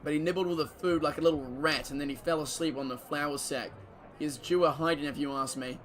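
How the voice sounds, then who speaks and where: Guy doing a grumpy norse cook voice, slow and complaining, kinda high. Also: fairly even intonation, a bit bright, natural voice. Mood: grumbling. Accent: Norse-flavoured put-on accent. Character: gruff male Norse cook complaining to his lord.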